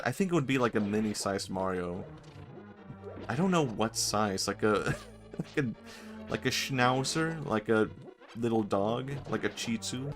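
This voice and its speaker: Male streamer, lowish voice, rambling giggly banter, faint game music under. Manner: rambling, giggly, riffing on silly bits. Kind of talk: casual gameplay chat.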